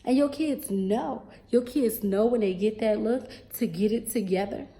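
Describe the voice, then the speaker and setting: Sassy Baltimore woman, mellow voice. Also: a little high, normal speed. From Baltimore, USA. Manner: animated, sassy, drops into dialect with asides like "baby" and "honey". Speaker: teacher vlogger. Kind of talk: casual storytelling vlog.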